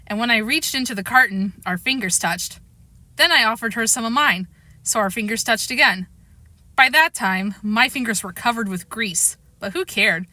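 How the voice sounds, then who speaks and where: A woman reading a children's chapter book aloud, expressive and animated. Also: fairly high pitch, no echo. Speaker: reader. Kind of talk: storybook reading.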